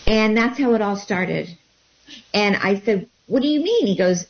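A woman guest telling a personal story in an interview, animated and acting out what people said. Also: medium pitch, measured pace. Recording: dull lo-fi sound.

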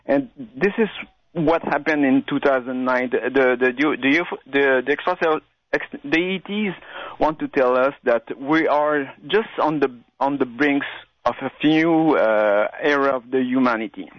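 A man from Quebec with a Quebec French accent, calling into a radio show and speaking haltingly with many restarts. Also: medium pitch, no room sound. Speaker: caller. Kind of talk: radio call-in chat. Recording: dull phone line.

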